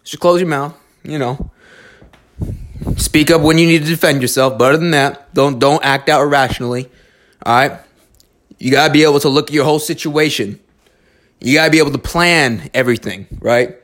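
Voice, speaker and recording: His voice sits fairly high and a bit bright, and he speaks fairly quickly but pauses often. The man is a storyteller giving life advice in a casual monologue: earnest and motivational, yet blunt and profane, with lots of false starts.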